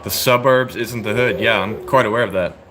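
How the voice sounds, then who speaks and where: A man from the United States in his thirties talks casually and bluntly, joking and cursing, tossing in "bro" and "dude". His voice sounds bright and forceful. Faint ambient noise sits in the room behind him. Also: fairly low pitch, brisk. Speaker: livestream host answering chat. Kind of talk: casual chat.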